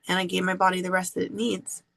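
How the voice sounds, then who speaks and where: A woman podcast host telling a personal story in an earnest, confessional way with drawn-out pauses. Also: on the low side, monotone, gravelly, fairly bright tone.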